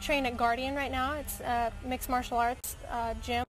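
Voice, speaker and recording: Young woman guest, higher voice, chatty. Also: moderate pace, soft background music, low-quality recording. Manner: animated storyteller, lots of filler likes. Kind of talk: casual chat.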